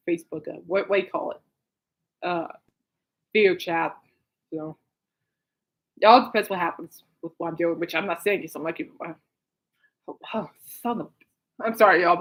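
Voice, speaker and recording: A woman's voice: fairly low pitch, fairly bright tone. A woman hosting her own podcast in a casual chat, rambling with lots of fillers and laughing often. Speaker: podcast host.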